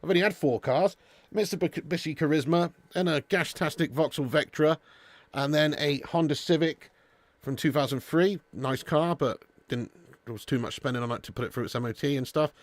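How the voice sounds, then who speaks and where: Chatty matey watch-along host, dry mic. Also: male voice, a little high, moderate pace, no room sound. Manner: chatty, banters with chat, calls viewers mate and lad. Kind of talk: casual live-stream chat.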